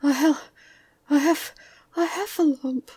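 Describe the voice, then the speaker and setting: A woman doing Piglet, a squeaky frightened little pig. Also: slow, a little mellow, no echo. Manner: squeaky panicked stammering. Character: small timid frightened male piglet.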